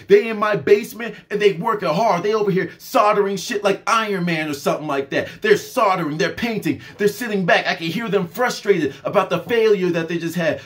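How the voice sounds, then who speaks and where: A young adult man giving an impassioned, preachy rant straight to his audience as a spiritual and health vlogger. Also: high-pitched.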